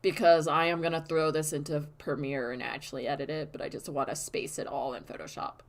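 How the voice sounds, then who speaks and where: A woman's voice: sits low, level tone, fairly quick. A woman chatting casually on a live stream about her animation work, giggly and swearing freely. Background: song playing faintly.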